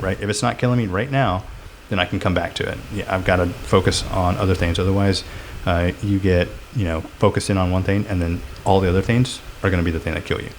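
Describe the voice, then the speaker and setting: Low-voiced man, reflective and rambling. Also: fairly even intonation, fast talker, hardly any pauses, a little hiss or hum. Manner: reflective, talks in long rambling runs with many fillers. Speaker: guest. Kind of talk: casual podcast chat.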